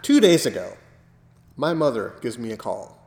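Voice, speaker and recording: Male podcast co-host, animated storyteller, recorded in a reverberant room. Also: mid-range voice, moderate pace. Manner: animated storyteller, acts out quotes. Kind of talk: casual chat. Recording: echoey room with long reverb.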